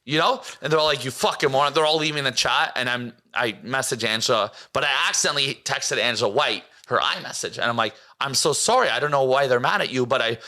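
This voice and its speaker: A man guesting on a podcast, telling a long story in casual chat, excitable and swearing freely. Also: mid-range voice, fast talker, few pauses. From Canada.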